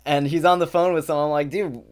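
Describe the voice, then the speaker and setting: A young man co-hosting a podcast, telling an animated, profane story full of fillers in casual chat. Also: a little high, very fast, clear, resonant tone. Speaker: podcast co-host.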